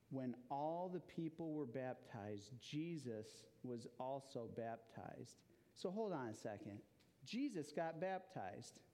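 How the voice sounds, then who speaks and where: A man giving an interactive children's sermon in a church, asking the listeners questions as he goes. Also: a little high. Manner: animated, asks the audience questions. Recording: long hall reverb.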